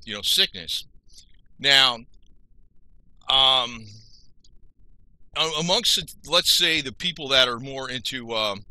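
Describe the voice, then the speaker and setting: A man's voice: medium pitch, bright, forceful tone, dry recording, rough recording. A man giving an unscripted health talk, rambling with frequent restarts and self-corrections.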